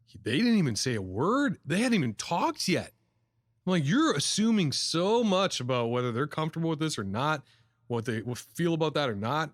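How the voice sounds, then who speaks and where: A man co-hosting a casual podcast chat about sales, telling lively stories and laughing often. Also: on the high side, moderate pace, dry recording, clean studio sound. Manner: lively storyteller, laughs often, acts out customers. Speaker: sales coach, podcast co-host.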